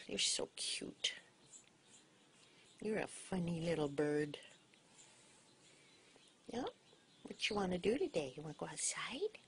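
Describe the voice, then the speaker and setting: A woman's voice: medium pitch, a little hiss or hum. Woman cooing baby talk to her pet. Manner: coaxing, sing-song, drops to soft whispers at times. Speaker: pet owner talking to her bird.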